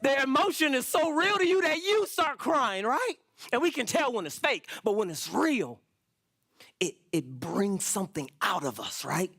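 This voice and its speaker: Animated, bright-voiced preacher. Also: medium pitch, a little slow, long pauses, no echo, clean studio sound. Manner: animated, emphatic preaching with call-and-response prompts. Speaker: pastor. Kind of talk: sermon.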